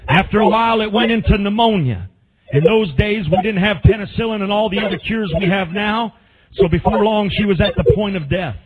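A man preaching an old-time revival sermon with fervent, drawn-out emphasis and repeated amens. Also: high voice, husky. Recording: tinny phone-like recording.

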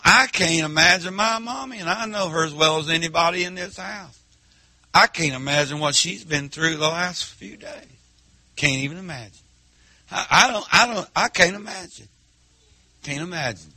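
Impassioned preacher, bright and husky. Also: male voice, a little high, no echo. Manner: impassioned preaching, swings from loud to near-murmur, rhetorical questions. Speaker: pastor. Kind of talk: sermon. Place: church.

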